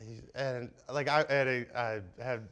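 A man in casual chat as a podcast guest, telling animated, profane stories and jumping into high-pitched quotes. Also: measured pace, smooth. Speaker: podcast guest, baseball player.

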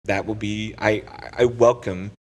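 A man in his thirties or forties on a casual podcast panel, reflective and soft-spoken. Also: lowish voice, steady tone, measured pace, crowd noise. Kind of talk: casual chat.

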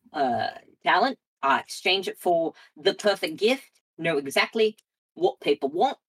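A woman with a lower-than-usual voice, trading jokes and in-game banter at a tabletop session. Her delivery is loose and playful. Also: a bit bright, low-quality recording. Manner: playful, joking. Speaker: player. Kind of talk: casual tabletop game chat.

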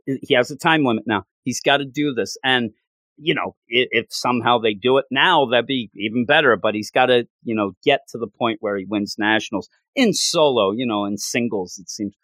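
A man chatting casually on a podcast, recapping a manga chapter in an animated, excitable way. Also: medium pitch, normal speed, no room sound, studio quality. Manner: animated, excitable retelling with playful voices for characters. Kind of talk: casual chat.

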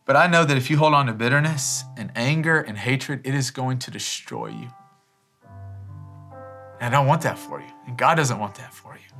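A man's voice: on the high side, fairly bright tone. A man pastor preaching a sermon and leading a closing prayer, earnest and conversational, often saying "man" and "you know". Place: church service.

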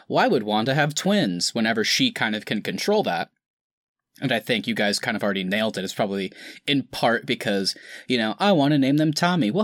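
A man's voice: on the low side, fairly bright tone, no echo, studio quality. A man hosting a casual podcast chat, talking loosely with many "kind of" fillers. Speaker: podcast host.

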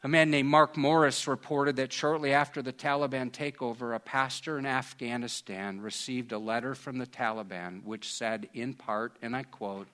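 A man preaching a sermon in an earnest tone, moving from hushed passages to loud, raised ones. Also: medium pitch, fairly even intonation, moderate pace, few pauses. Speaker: pastor.

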